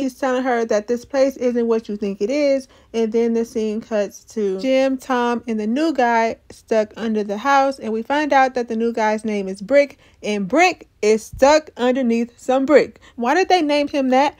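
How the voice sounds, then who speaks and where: A woman giving a casual, animated, sassy recap of a TV episode. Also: a little high, measured pace, hardly any pauses.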